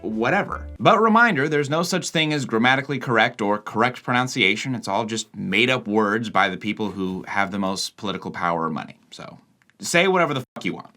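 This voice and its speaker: A man's voice: lowish voice, lively intonation, fairly quick, pushed and bright, faint music behind. An American man narrating his travel vlog in a casual, curious, blunt way. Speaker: vlogger.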